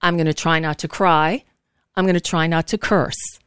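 A woman's voice: sits low, fairly even intonation, moderate pace, clear, resonant tone, no room sound. Woman radio host, frazzled and outspoken, dry close mic. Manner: emphatic and outspoken, curses freely. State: frazzled, worn out. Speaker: talk show host. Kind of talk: political talk radio, casual and heated.

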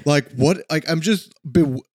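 Exasperated man, halting and blunt. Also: a little high, a little mellow, dry recording, clean studio sound. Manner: exasperated, halting, many restarts. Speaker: podcast co-host. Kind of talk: casual political chat.

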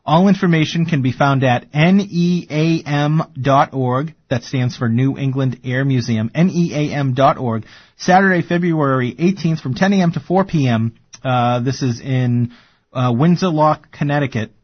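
A man's voice: medium pitch, moderate pace, no room sound. A man with a Boston accent hosting a radio show, chatty and rambling with plenty of fillers and laughs. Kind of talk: casual radio chat. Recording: dull lo-fi radio broadcast.

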